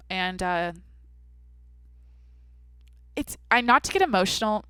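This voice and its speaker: A woman's voice: mid-range voice, lively intonation, slow, pauses often, a bit bright, smooth, no room sound. A woman in her twenties hosting a solo podcast, rambling candidly and swearing casually into a microphone in a small home studio. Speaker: podcast host.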